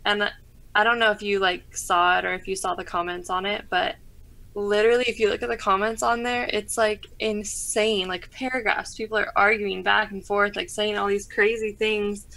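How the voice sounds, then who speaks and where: A woman's voice: mid-range voice, little pitch movement, normal speed, vocal fry, sharp tone. A young woman co-hosting a podcast, chatting casually and rambling with many fillers. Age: young adult. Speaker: podcast co-host. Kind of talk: casual chat.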